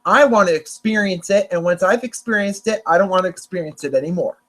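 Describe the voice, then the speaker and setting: Young male host, high voice, chatty and rambling, stumbles and corrects himself. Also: fast, a bit bright. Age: young adult. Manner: rambling, restarts and self-corrections. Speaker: podcast host. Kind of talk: casual chat about storm forecasts.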